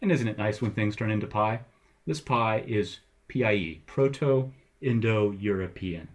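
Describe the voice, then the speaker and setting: A middle-aged male English professor giving a recorded lecture over slides, with a wry, playful teacher's manner. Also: lowish voice.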